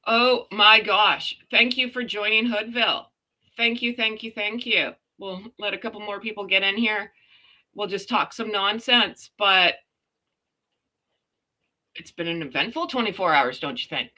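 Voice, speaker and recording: A woman's voice: mid-range voice, measured pace, bright, forceful tone. A middle-aged Canadian woman hosting a casual livestream, chatty and exclaiming often, greeting viewers by name. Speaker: livestream host.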